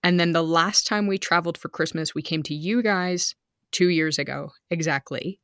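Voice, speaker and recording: A woman in her thirties co-hosting a podcast, talking chattily, with quick asides and bursts of speed. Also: on the low side, a bit bright, clear, resonant tone, dry recording, clean studio sound. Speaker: podcast co-host. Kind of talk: casual family chat.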